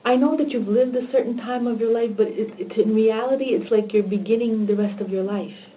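A woman's voice: a little high, a little fast, mellow. A woman palm reader giving a one-on-one reading, coaxing and calling her client sweetie. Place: reading room, indoors. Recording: distant recorder with faint ambience.

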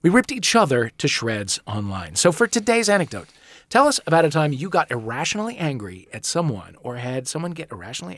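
A man hosting a comedy podcast, brisk and animated, swearing freely as he sets up the prompts. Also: medium pitch, no echo, studio quality. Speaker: host.

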